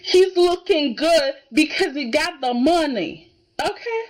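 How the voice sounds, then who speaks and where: A woman's voice: sits high, expressive, takes it slowly. A woman giving a casual, indignant reaction review of a soap opera, emphatic and keeps asking "okay?".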